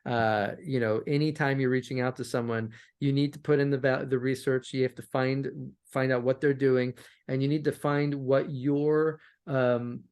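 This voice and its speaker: A man guest on a podcast interview, telling stories from his music career in an animated way and often repeating words as he restarts. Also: medium pitch, moderate pace, clear, resonant tone. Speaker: guest, sync licensing musician. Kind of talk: conversational interview answers.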